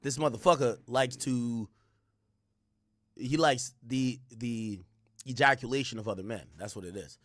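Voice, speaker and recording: A man's voice: medium pitch, a little slow, a bit bright, no room sound. A man hosting a livestream, reading out court testimony and reacting with profane, incredulous asides. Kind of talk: casual commentary livestream.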